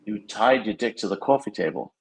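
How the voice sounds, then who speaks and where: Male host, halting and stammery, easygoing chat. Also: fairly low pitch, animated, a little hiss or hum. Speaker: podcast host. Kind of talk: casual chat.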